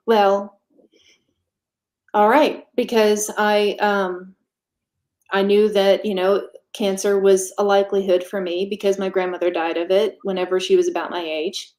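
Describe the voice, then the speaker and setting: A woman telling her own story as an interview guest, candid and matter-of-fact, pausing often and filling gaps with ums. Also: mid-range voice, flat delivery, darkish tone. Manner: halting, with frequent pauses and fillers. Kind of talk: casual conversational storytelling.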